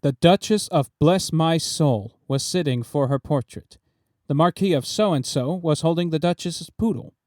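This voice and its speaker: A man's voice: on the high side, a little mellow, no echo. Man narrating a classic tale, dry close sound. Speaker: audiobook narrator. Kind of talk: scripted storybook narration.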